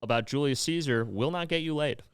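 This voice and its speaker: A man co-hosting a comedy podcast, tossing out deadpan dark one-liners in casual banter. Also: fairly high pitch, a little fast, smooth, no echo, clean studio sound.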